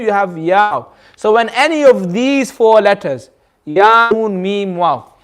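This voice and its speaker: A man teaching a Quran recitation class in a community centre, patiently quizzing his students and modelling the sounds aloud. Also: high voice. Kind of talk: classroom lesson.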